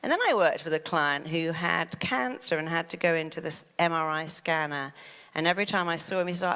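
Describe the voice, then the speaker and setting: A woman's voice: sits low, brisk, smooth. An older woman telling stories in a motivational talk, acting out the voices in people's heads. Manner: animated storytelling, acts out quoted inner voices. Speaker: therapist and self-help speaker. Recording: long hall reverb.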